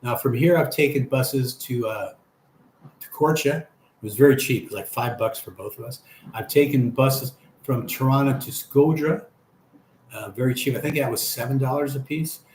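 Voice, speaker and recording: A man's voice: medium pitch, normal speed, darkish tone. An older man hosting a live stream, chatting casually and reading viewer comments aloud before answering them. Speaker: livestream host reading chat. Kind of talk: casual chat. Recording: echoey room with faint background hum.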